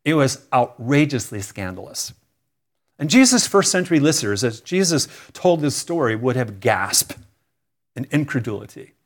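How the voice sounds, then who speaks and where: A man delivers a sermon from the pulpit at a mid-range pitch. He speaks earnestly, pressing on key words and letting dramatic pauses hang between repeated phrases. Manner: earnest, emphatic preaching with dramatic pauses and repetition. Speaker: pastor.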